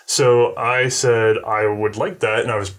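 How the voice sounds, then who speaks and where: A man's voice: medium pitch, unhurried. A man hosting a firearms history show, chatting casually and acting out voices in his anecdotes. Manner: animated storyteller, acts out voices in anecdotes. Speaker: show host.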